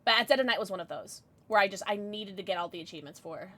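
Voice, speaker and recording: A young woman streaming live, chatting casually with her viewers and squealing with excitement as she reads chat. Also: medium pitch, rapid-fire. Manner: chatty, bubbly, squeals when reading chat.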